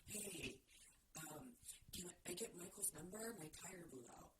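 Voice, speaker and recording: A woman's voice: on the low side, lively intonation, a little slow. A woman, co-hosting a podcast in casual chat and telling blunt, swear-filled stories. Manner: swears a lot, blunt storyteller. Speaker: podcast co-host. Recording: noisy podcast recording.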